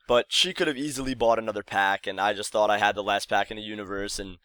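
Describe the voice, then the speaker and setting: Rambling young man, lowish voice. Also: steady tone, fast, hardly any pauses, sharp tone, no room sound. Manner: rambling and self-correcting. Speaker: vlogger. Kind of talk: casual storytelling to camera.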